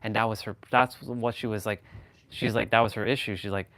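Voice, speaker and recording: A man hosting a casual chat, rambling with lots of fillers and restarts, shifting into livelier, louder stretches when worked up. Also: lowish voice, fairly even intonation, a little fast, dry recording. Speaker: host.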